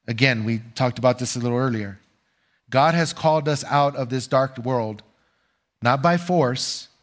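An older man delivers a sermon from the pulpit at a middle pitch. He preaches earnestly, posing questions to the congregation and pausing before he answers them himself. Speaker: pastor.

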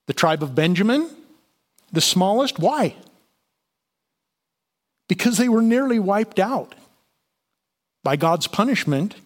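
A man preaching a conversational sermon, reading and explaining scripture with frequent fillers and restarts. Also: high voice. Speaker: pastor.

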